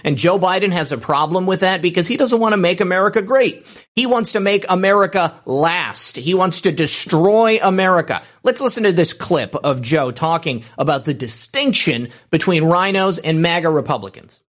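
A man's voice: on the high side, fairly bright tone. A man hosting a political talk show, delivering emphatic, opinionated commentary and often saying "okay" to drive points home. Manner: emphatic, repeats "okay" and "all right".

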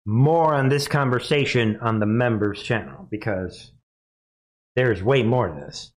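A commentary host runs a live news show in a mid-range voice, speaking a little slowly. He mocks the clips he plays, laughs often, and addresses his viewers directly.

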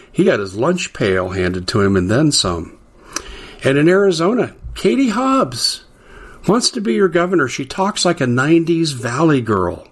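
A middle-aged man hosting a talk radio show, delivering an emphatic, indignant political monologue that climbs in pitch to stress key words. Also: fairly bright tone.

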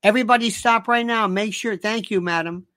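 A man's voice: sits high, a little fast, sharp tone. A man hosting his own show, delivering an emphatic, opinionated monologue and repeating himself for emphasis. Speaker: show host.

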